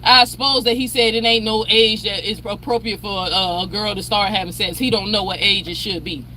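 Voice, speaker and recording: A woman hosting a commentary channel launches into a heated personal rant, profane and confrontational, repeating someone's name to call them out. Her mid-range voice is brisk, bright and forceful with fairly even intonation, over slight background noise.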